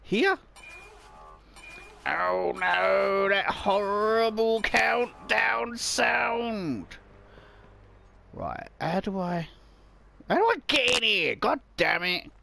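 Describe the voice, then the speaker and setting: A man's voice: sits high, very slow, creaky, long pauses, pushed and bright. A man casually commenting on his own gameplay, muttering to himself and swearing often. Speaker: let's play gamer.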